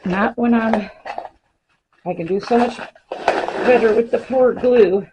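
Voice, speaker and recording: Recorded with muffled sound and background noise, a crafting vlogger casually chats through a demonstration in her home craft room. Her voice is on the high side and her pace slow, and she's chatty, speaking to her pets mid-task every so often.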